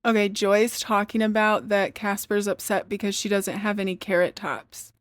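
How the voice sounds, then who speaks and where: A woman's voice: medium pitch, level tone, moderate pace, no echo, clean studio sound. A woman giving sarcastic, mocking voice-over commentary.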